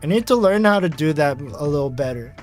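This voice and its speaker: A man's voice: a little high, expressive, fairly quick, soft background music. An American man chatting casually on a livestream in a rambling, chatty way with frequent laughs. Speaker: vtuber streamer.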